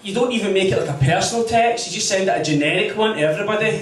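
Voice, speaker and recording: A man's voice: high voice, very fast, crowd noise. A Scottish man doing a stand-up routine in a rambling, confessional way. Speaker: stand-up comedian. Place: comedy club stage. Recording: echoey venue from far off.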